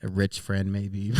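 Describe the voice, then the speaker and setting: A man's voice: on the low side, no room sound, clean studio sound. A man co-hosting a casual podcast, telling funny stories and laughing often. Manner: joking, animated storyteller who laughs a lot. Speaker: podcast co-host. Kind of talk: casual couple's podcast chat.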